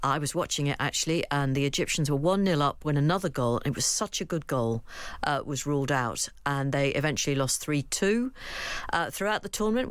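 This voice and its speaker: A woman's voice: deep voice, no room sound. A woman radio host interviewing a guest in a wry, conversational way.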